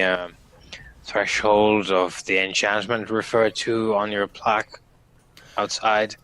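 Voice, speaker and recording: A man playing a tabletop role-playing game, speaking his character's lines in a formal, measured way. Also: on the low side, completely flat delivery, fairly bright tone, clear, resonant tone. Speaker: player.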